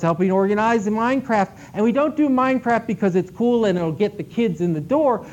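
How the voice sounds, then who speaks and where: A man giving an animated conference talk to librarians, emphatic and swinging between loud and hushed delivery. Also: high voice. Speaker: keynote speaker at a library conference. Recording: dull lo-fi recording with faint noise.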